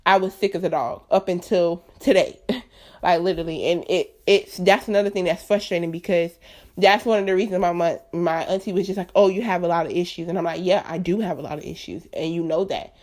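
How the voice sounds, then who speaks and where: A woman's voice: lowish voice, steady tone, brisk, darkish tone. A woman in her late twenties hosting a solo podcast, talking candidly and earnestly straight to her listeners in a chatty, emphatic way. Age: late 20s. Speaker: podcast host.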